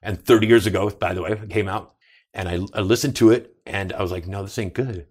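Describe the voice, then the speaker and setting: A man in his fifties, a podcast guest, telling animated stories and swearing often. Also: lowish voice, quick pace. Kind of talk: casual storytelling interview.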